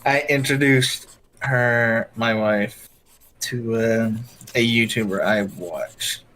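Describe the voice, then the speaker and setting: A man chatting off to the side of a stream, often stopping, restarting words and filling gaps. His voice sits at an ordinary, middle pitch. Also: steady tone, fairly bright tone, a little hiss or hum. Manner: halting, many restarts. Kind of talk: casual chat.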